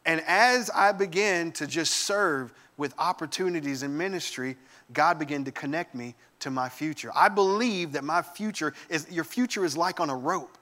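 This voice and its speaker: A man giving a sermon, telling lively family stories with humor and enthusiasm. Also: fairly high pitch, moderate pace. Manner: animated storytelling with humor. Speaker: guest preacher.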